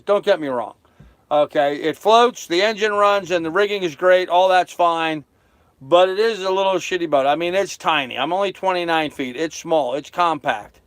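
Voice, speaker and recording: A man's voice: high-pitched, dry recording. An older man casually chatting with viewers on a live stream from his small sailboat, joking and laughing at his own jokes. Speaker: sailing vlogger on a live stream. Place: small sailboat cabin on a lake.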